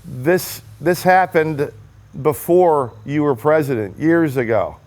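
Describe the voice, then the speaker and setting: A man's voice: a little high, slow pace, a little mellow. Earnest man telling a personal story. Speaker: political rally supporter giving a testimonial. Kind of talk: personal story told to the camera.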